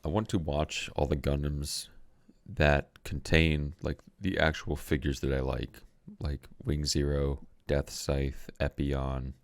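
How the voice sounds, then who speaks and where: A man co-hosting a podcast and tossing out blunt, casual remarks with plenty of swearing. His voice sits very deep. The recording is dry and close, with no room sound. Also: level tone, slow, dry recording. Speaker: podcast co-host. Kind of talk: casual chat.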